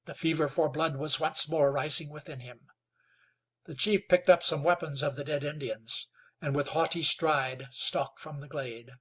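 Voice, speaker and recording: A man reading a western novel aloud in a measured, steady way. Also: on the high side, husky. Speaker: audiobook narrator. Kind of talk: scripted narration.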